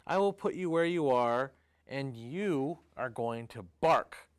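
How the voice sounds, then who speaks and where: A storyteller playing a male carver who earnestly and slowly tells the creature he made what it will do. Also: medium pitch, expressive, clean tone, dry recording, studio quality. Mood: instructing. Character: solemn male carver speaking to his creation.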